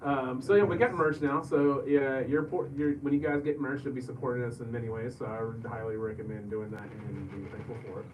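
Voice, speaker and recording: Young guy co-hosting a live podcast, rambly and full of ums, sounds far off with steady noise behind. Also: medium pitch, a little fast, few pauses, muffled recording. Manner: rambling, laughs often, filler-heavy. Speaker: podcast co-host. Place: convention event space. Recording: distant mic with steady background noise.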